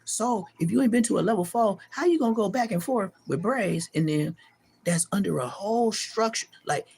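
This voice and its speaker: A middle-aged man delivering a profane, taunting callout rant to the camera, animated and mocking. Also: moderate pace, creaky, husky. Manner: animated, profane, taunting, pitch leaping high in mocking bursts. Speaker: street vlogger.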